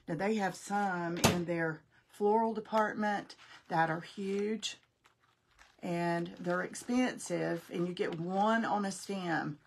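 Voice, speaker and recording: A woman's voice: lowish voice, slow, vocal fry, a little hiss or hum. Chatty middle-aged woman demoing crafts. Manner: chatty, folksy, thinks aloud while working; greets viewers by name. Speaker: craft demonstrator. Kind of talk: casual live crafting demo.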